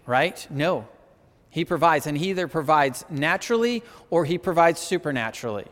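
A man preaching a sermon, animated and conversational, often asking "right?" and building to emphatic peaks. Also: on the high side, moderate pace, in a large hall. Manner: conversational, asks the audience "right?".

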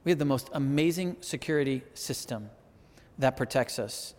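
A man preaching a sermon, animated and conversational, often asking "right?" and building to emphatic peaks. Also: mid-range voice, normal speed, long reverb tail. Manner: conversational, asks the audience "right?".

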